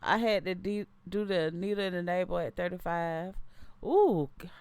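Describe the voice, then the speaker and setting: A woman's voice: lowish voice, normal speed, darkish tone, clear, resonant tone, no room sound. A woman in her thirties hosting a casual livestream, chatting loosely and reading viewer comments aloud, often repeating and restarting her phrases. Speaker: livestream host.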